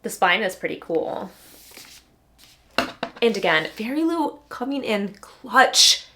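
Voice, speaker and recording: A woman's voice: mid-range voice, expressive, slow pace, pushed and bright. Gushing chatty woman booktuber. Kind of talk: casual unboxing chat.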